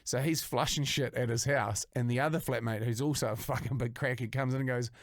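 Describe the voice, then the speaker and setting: A man's voice: medium pitch, fairly even intonation, a little fast, no echo. Young aussie guy swearing his way through a yarn, dry close mic. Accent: Australian. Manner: swears often, acts out quoted voices. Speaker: podcast co-host. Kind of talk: casual storytelling chat.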